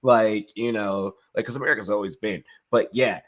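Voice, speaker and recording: A man's voice: lowish voice, normal speed. A young man co-hosting a podcast, telling a story in casual, profane chat with frequent laughs. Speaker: podcast co-host.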